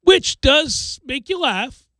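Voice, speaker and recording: A man hosting a sports radio show, chatting casually and telling stories with animated energy and frequent laughter. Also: very high voice, takes it slowly, no room sound. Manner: animated storytelling, laughs often.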